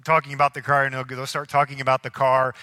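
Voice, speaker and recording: Preacher with a bright voice in a reverberant hall. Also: male voice, medium pitch, fast. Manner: animated storytelling, acting out people in anecdotes. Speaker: pastor. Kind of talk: sermon.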